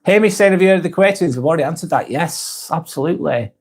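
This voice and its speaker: A man in his forties with a Northern English accent talks casually on a live stream, reading out viewer comments. His voice sits a little high for a man. He rambles, restarts his sentences and jokes along as he goes. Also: expressive, fast talker, a little mellow. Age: 40s. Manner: rambling and joking, with frequent restarts and laughs.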